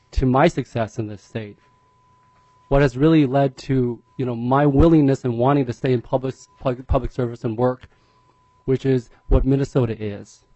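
A man's voice: mid-range voice, dark tone, no echo, lo-fi sound. Earnest, emotional father testifying. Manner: earnest, emotional, halting repetitions. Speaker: parent testifying at a legislative hearing. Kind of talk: public testimony.

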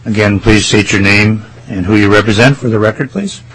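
A man chairing a legislative committee hearing, calling testifiers in a brisk, courteous way. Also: fairly low pitch, fairly bright tone, slightly rough, poor audio.

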